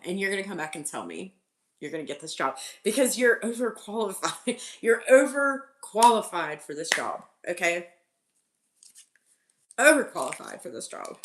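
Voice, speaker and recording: A woman's voice: medium pitch, big pitch swings, normal speed, fairly bright tone. A woman giving a casual live tarot reading, chatty and full of "like", laughing often and repeating her messages insistently. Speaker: tarot reader and channeler on a live stream. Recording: roomy echo.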